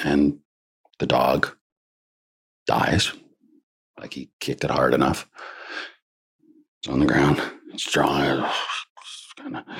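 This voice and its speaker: A male actor chatting as a guest in an interview, telling rambling, animated stories. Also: very deep voice, slightly rough. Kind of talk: casual interview chat.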